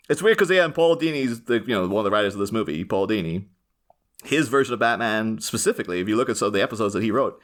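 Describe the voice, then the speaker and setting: A man's voice: fairly low pitch, a bit bright. A man hosting a podcast, talking casually and enthusiastically about a film, rambling with frequent restarts. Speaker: podcast host. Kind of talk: casual chat, film discussion.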